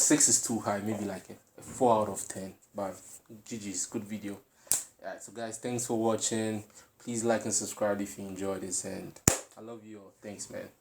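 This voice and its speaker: A man's voice: on the low side, a little mellow, slight background noise. A man hosting a reaction video, commenting casually and laughing, often repeating words while he searches for them.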